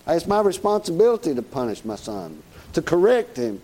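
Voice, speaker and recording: A man's voice: fairly high pitch, sing-song, moderate pace, warm tone. A middle-aged man with a Southern US accent preaching a sermon in a folksy, joking way, chuckling as he goes. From Southern United States.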